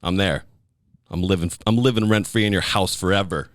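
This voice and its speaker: A man's voice: sits low, a little fast, dry recording, studio quality. A male podcast host chatting casually, joking and laughing a lot. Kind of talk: casual chat.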